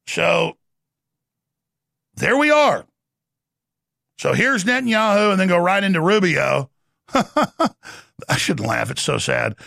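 A middle-aged man delivering a sarcastic political commentary monologue. His voice is bright and fairly high, heavy with gravelly fry. It is recorded dry and close on a studio mic. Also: dry recording. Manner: sarcastic, animated, jokey. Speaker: show host.

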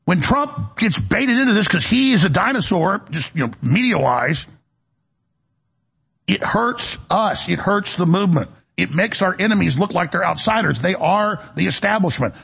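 A middle-aged man with a gravelly, raspy voice, hosting a heated, digressive political monologue. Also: sits high, fairly bright tone. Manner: angry ranting, digressive, voice swings up when worked up. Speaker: talk show host.

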